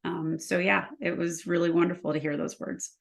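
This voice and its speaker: Low-voiced, gravelly woman telling stories. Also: moderate pace. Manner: energetic storyteller, acts out quoted dialogue; filler-heavy, frequent ums. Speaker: podcast guest, leadership consultant. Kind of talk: casual interview conversation.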